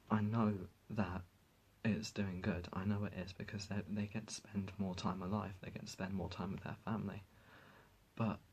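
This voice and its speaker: A man's voice: deep voice, gravelly, darkish tone, slightly rough, rough recording. A man vlogging to his viewers, speaking in an impassioned, indignant rant that halts and restarts as he gets emotional. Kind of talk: emotional talk to camera.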